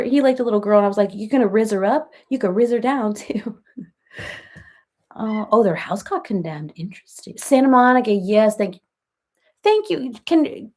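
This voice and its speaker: A woman's voice: medium pitch, darkish tone. A middle-aged woman hosting a casual livestream, chatting with viewers in a rambling way full of fillers and restarts. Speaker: livestream host.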